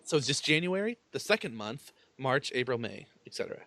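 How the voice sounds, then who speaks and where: A man's voice: medium pitch, big pitch swings, a little fast, bright, forceful tone. A man co-hosting a casual podcast chat, trading wry jokes. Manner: joking, wry. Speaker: podcast co-host.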